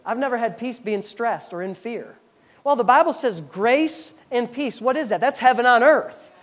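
Brief: pastor mid-sermon, reads verses slow, then presses points hard with questions and amens. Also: medium pitch, animated. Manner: preaching with rhetorical questions and call-outs to the congregation; reads scripture aloud slowly, then speeds up explaining.

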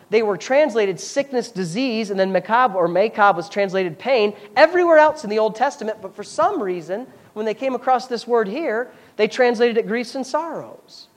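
A man preaching a sermon, reading scripture and explaining it with chatty, fervent asides. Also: high voice. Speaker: pastor.

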